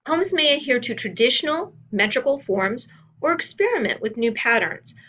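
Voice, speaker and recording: A woman teacher giving a recorded lecture, reading from her notes in a measured, explanatory way with occasional fillers and self-corrections. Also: on the high side, sing-song, bright, forceful tone, breathy edge.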